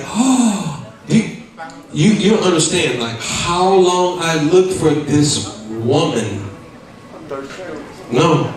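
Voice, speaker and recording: A man hosting a podcast, telling his wife a story in a slow, drawn-out, joking way. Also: fairly high pitch. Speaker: podcast host. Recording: very echoey from far off, crowd noise.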